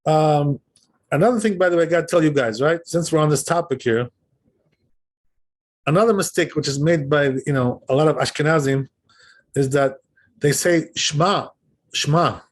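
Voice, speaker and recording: Rabbi teaching with a slightly high voice. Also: male voice, moderate pace, long pauses. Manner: explanatory, repeats words, checks in with "right?" and "you know?"; demonstrates pronunciation aloud. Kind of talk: informal Torah lesson.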